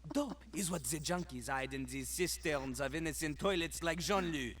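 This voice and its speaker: A man's voice: on the high side, moderate pace, background noise, lightly acted. A man voicing a cocky, crude male toilet rapper who raps and talks about himself in the third person, in a video game. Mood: boastful.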